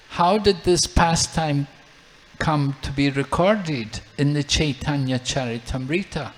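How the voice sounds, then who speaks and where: A male monk narrates a devotional tale as a sermon, slow and deliberate. His voice sits slightly high and he circles back over phrases as he tells it. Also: steady tone, slight background noise, poor audio. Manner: unhurried, repeats phrases while narrating. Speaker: monk and lecturer.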